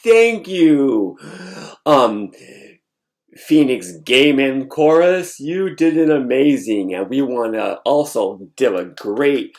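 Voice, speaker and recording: A man playing a male church elder announcing loudly from a stage. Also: mid-range voice, creaky. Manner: loud announcer delivery.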